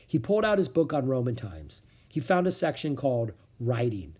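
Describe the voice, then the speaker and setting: A man narrating a children's book aloud with clear, expressive storytelling. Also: mid-range voice, moderate pace. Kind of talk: audiobook reading of a children's book.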